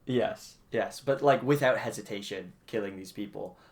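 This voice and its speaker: A man's voice: fairly low pitch, normal speed. A man co-hosting a casual movie review podcast, talking animatedly with lots of restarts and frequent laughter. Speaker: podcast co-host.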